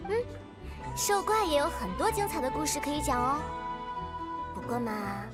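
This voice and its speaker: A woman voicing a gentle, knowledgeable female teacher in a game dub, explaining things calmly. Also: high-pitched, moderate pace, over loud music. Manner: calm, explanatory.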